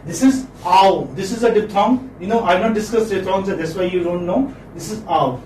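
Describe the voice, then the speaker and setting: High-voiced male lecturer in echoey classroom. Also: darkish tone, distant mic. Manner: repeats words slowly, asks "hmm?" to check students. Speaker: phonetics lecturer. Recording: echoey room, mic from afar, faint noise.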